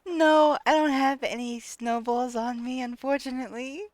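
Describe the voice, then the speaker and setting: High-voiced woman, giggly game streamer. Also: fairly even intonation, moderate pace, no room sound. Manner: laughs often, incredulous exclamations. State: laughing to tears. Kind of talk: casual live-stream chat while playing.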